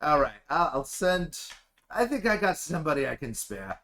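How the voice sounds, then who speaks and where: A man's voice: fairly high pitch, very animated, normal speed, bright, forceful tone. A man running a tabletop role-playing game as game master, narrating and voicing characters on phone calls.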